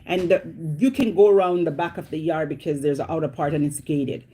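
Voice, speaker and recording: A woman's voice: deep voice, a little fast, a little hiss or hum. A middle-aged woman from Jamaica with a Jamaican accent, vlogging in a casual, dramatic storytelling chat. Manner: animated, dramatic, exclamatory storytelling.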